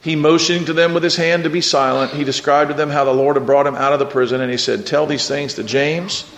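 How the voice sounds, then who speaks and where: A man preaching a lively storytelling sermon and calling on his congregation to answer back. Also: fairly high pitch, fast. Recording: echoey room with faint noise.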